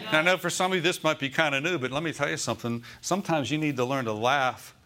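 A man's voice: a little high, fast talker, hardly any pauses, bright, forceful tone. A male pastor preaching a Sunday sermon in a church, often calling out "Amen?" and "Okay?" to the congregation.

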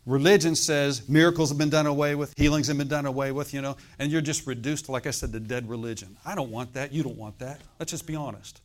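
A middle-aged man delivers a sermon in a loose, conversational style. He keeps checking in with his listeners, tossing out "okay?" and "amen?" between points, and his voice sits at an ordinary middle pitch for a man. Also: steady tone, quick pace, few pauses. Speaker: pastor.

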